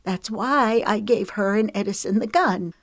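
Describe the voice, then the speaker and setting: Woman doing a raspy villainess, taunting, venomous, higher voice, audiobook. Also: a little slow, dry recording, studio quality. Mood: tearful. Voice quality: raspy, grating voice. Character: spiteful scheming middle-aged woman villain. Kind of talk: audiobook character reading.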